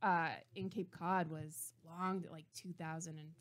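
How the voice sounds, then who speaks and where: A woman's voice: on the low side, flat delivery, a little slow. A chatty woman from the Boston area, a guest actress on a loose radio talk show. She laughs easily and talks in a casual, friendly run. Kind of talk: casual chat.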